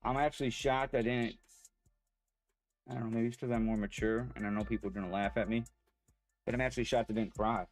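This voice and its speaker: A man telling a personal story in a halting, rambling way, pausing as the emotions come back. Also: medium pitch, fairly even intonation, faint music behind. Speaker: vlogger.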